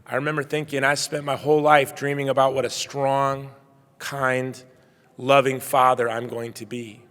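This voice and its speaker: A middle-aged man giving a keynote speech, telling a personal story in earnest and moving between quiet and loud passages. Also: medium pitch, flat delivery, normal speed. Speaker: keynote speaker. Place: banquet hall. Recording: reverberant hall.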